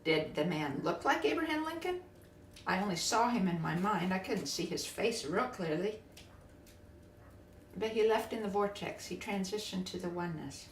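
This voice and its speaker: A woman podcast host and biofield tuner telling a personal spiritual story in a soft, earnest way, often halting and restarting. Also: medium pitch, animated, slight background noise. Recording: roomy echo, distant from mic.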